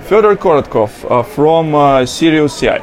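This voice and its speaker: A man's voice: on the high side, lively intonation, soft background music. Russian-accented man hosting a podcast. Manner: halting, many fillers. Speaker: podcast host. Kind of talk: casual podcast chat. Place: soundproof booth at a conference.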